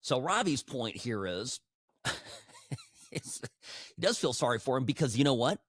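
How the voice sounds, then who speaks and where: A man hosting a political commentary podcast, talking in an animated, sarcastic way with frequent restarts, into a studio microphone. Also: mid-range voice, a little fast, husky, no echo. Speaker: podcast host.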